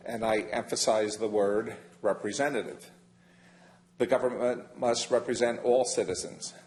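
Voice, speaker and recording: An older man giving a formal public comment at a county meeting, measured and emphatic, leaning hard on key words. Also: lowish voice, fairly even intonation, darkish tone. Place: county council chamber.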